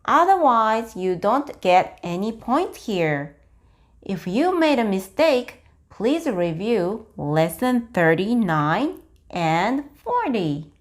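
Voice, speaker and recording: Japanese accented woman teaching a lesson, super slow and careful, voice bouncing up and down. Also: mid-range voice, big pitch swings. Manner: very slow and deliberate, spelling out sentences piece by piece. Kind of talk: slow, clear online language lesson.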